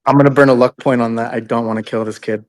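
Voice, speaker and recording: A man playing a tabletop game, calmly describing his character's actions. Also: medium pitch, fast talker, low-quality recording. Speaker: player.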